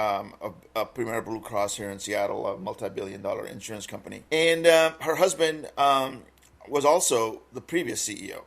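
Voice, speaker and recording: A man who grew up in Minnesota, co-hosting a podcast and telling a personal story in an earnest, halting way with many fillers. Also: mid-range voice, fairly bright tone. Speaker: podcast co-host. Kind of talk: casual podcast chat.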